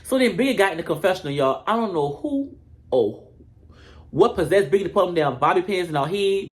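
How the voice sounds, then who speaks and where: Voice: medium pitch, animated, brisk. A comedic commentator recapping a reality show in a brash, profane, gossipy way.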